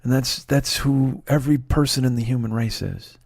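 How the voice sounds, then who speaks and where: A man's voice: mid-range voice, fairly even intonation, moderate pace, creaky, a little mellow, dry recording, clean studio sound. A man, hosting a comedy podcast with a profane, rambling, self-mocking storytelling monologue full of restarts. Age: 50s.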